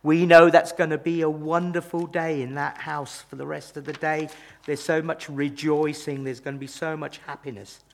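A man preaching a sermon, retelling a Bible story with dramatic rises and hushed drops. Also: flat delivery, moderate pace, creaky, a little hiss or hum. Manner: dramatic, rises and falls in pitch and loudness.

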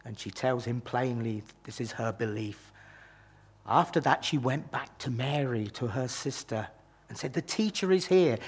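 A man preaching a sermon, retelling a Bible story with dramatic rises and hushed drops. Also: slightly rough. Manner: dramatic, rises and falls in pitch and loudness.

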